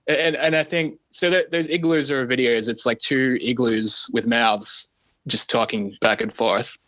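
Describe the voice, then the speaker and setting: Easygoing man with a bright voice. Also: medium pitch, steady tone, unhurried, no echo. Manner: easygoing, self-deprecating, many restarts. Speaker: guest animator. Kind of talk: casual podcast chat.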